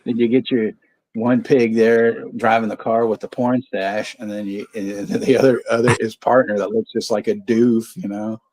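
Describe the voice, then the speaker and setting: A man's voice: on the low side, level tone, moderate pace, darkish tone. A man co-hosting a casual movie watch-along, rambling and crude, laughing often. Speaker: podcast co-host.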